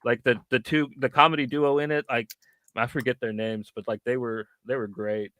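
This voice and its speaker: A man's voice: mid-range voice, steady tone, moderate pace, a bit bright, no room sound. A man chatting casually on a livestream, laid-back and trailing off while he searches for names.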